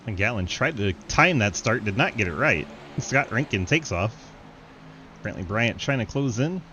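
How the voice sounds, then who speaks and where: A man giving live, joking play-by-play commentary on an online race, laughing often and getting excited at crashes. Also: on the low side, normal speed, slight background noise. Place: home setup, online sim race broadcast.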